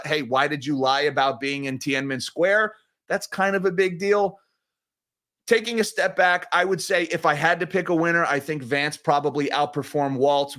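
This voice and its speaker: Bright-voiced man hosting a market show. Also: a little high. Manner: casual, opinionated, talks straight to viewers. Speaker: host of a finance news channel. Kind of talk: live-stream market commentary.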